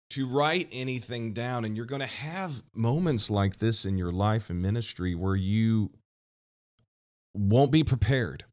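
Deep-voiced man rambling on a podcast. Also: a little slow. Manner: candid, rambling, with frequent restarts and fillers. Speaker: pastor and podcast host. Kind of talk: unscripted podcast monologue. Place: Kansas City, USA.

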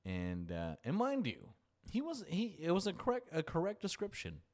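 A man's voice: high voice, wildly swooping pitch, normal speed, darkish tone. A man telling a story in casual chat, rambling and restarting, laughing often.

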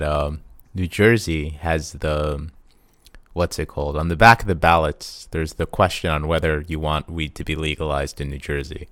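A man's voice: extremely low pitch, a bit bright, no echo, studio quality. A young man, a former New Yorker, chatting casually in a laid-back, mocking way with plenty of swearing. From New York. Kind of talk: casual chat.

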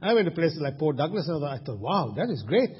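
A man's voice: a little high, very animated, fairly quick, slightly rough. A man from Sri Lanka preaching a sermon in a large church hall, emphatic, with rhetorical questions. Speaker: pastor. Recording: dull lo-fi sound with long hall reverb.

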